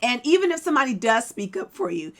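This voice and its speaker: A woman's voice: fairly high pitch, sing-song, quick pace, a bit bright. A middle-aged woman hosting a vlog, giving an emphatic motivational talk to her viewers and repeating her key points. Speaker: vlog host.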